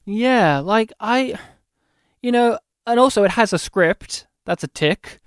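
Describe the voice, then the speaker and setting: High-voiced man chatting about a movie. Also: expressive, slow pace, clear, resonant tone, dry recording, studio quality. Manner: enthusiastic, rambling, quotes lines in funny voices. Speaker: podcast host. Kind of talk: casual movie review chat.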